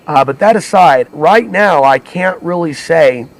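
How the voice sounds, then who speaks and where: A man's voice: a little high, lively intonation, measured pace. Male channel host, solo talk, rambling delivery with frequent self-corrections. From United States. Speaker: alternative media channel host. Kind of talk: solo monologue to camera.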